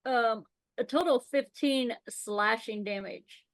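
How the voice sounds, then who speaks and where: Brisk woman player, fairly high voice. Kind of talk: tabletop game play.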